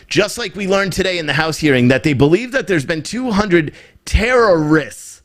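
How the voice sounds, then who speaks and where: A man's voice: high voice, fairly bright tone. A man from the United States giving off-the-cuff political commentary on a live stream. He repeats his points, asks rhetorical questions and often restarts his sentences. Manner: emphatic and repetitive, hammering points with rhetorical questions; rambling, with frequent restarts. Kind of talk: off-the-cuff commentary reacting to viewer chat.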